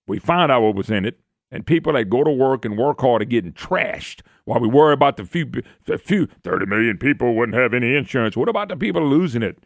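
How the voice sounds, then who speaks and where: A man hosts talk radio with an indignant, mocking monologue and keeps circling back to the same phrases. His voice sits a touch high and swings widely in pitch, with a gravelly edge. The studio mic sounds close and dry. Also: no echo. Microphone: studio microphone.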